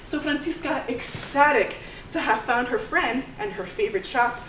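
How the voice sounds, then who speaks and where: A young woman performing one-woman stage storytelling in a lively, casual way, often saying "like". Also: high voice, moderate pace, a little hiss or hum. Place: theater stage. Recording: roomy live stage sound from far off.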